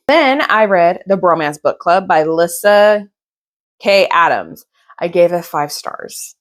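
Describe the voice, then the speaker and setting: A woman book vlogger chatting casually through a reading wrap-up, gushing and rambling about what she read. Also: sits low.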